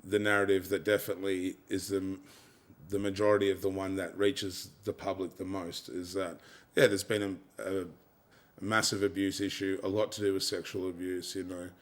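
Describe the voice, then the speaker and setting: Australian man, low voice, interview guest, casual, blunt, sweary, lots of fillers. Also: little pitch movement, normal speed. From Tasmania, Australia. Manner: loose, frank, sweary, peppered with "you know".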